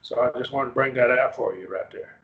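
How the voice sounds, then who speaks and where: A man teaching a Bible class on a Greek text, explaining step by step and quizzing his students. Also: medium pitch. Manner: explains slowly, quizzing students, many restarts. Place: church classroom. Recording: roomy, muffled class recording.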